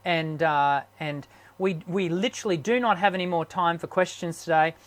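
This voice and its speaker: A man hosting a live online chat as a singing teacher, his voice strained from sickness, talking haltingly with many ums and restarts. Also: on the high side. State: sick, strained voice.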